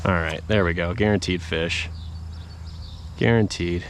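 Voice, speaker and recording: Guy fishing on a lake, low-ish voice, chatty, talks to the fish, faint outdoor hiss. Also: unhurried. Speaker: fishing vlogger. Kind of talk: casual running commentary while fishing. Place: outdoors on a lake, on a paddle board.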